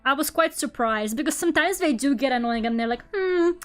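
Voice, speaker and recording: High-voiced young woman with a Russian accent. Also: fast talker. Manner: rambling, laughs often, lots of fillers. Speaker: streamer. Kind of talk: casual chat while drawing on stream.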